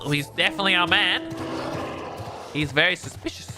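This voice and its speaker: A man's voice: high-pitched, fairly quick, sharp tone, faint music behind. A man streaming a game, chatting playfully with viewers as he plays. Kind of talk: casual game stream chat.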